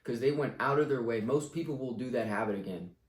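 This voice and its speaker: A young man rants about life with blunt confidence, swearing freely as he makes his points. His voice sits at an ordinary pitch and bounces around an echoey room. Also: fast. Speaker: vlogger giving life advice. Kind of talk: casual rant to camera.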